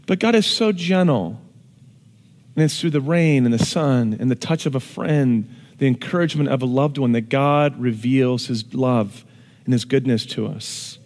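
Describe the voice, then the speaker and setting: A man preaching a sermon, animated, moving from hushed tones to shouted emphasis. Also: medium pitch, normal speed. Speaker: pastor. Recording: long hall reverb.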